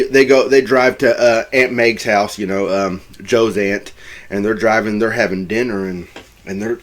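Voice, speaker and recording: A man casually recapping a film's plot as a reviewer, rambling and correcting himself, and now and then jumping into loud, high-pitched acted quotes. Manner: rambling, self-correcting storyteller. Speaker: movie reviewer.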